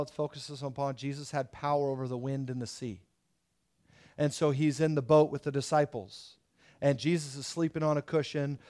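A middle-aged man preaching a sermon as pastor, telling stories in an animated way. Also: fairly high pitch. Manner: animated storytelling with acted quotes.

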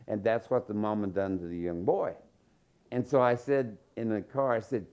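A man's voice: fairly low pitch, lively intonation, normal speed, a little mellow. A man preaching a sermon in a folksy, joking storytelling manner. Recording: dull lo-fi sermon recording.

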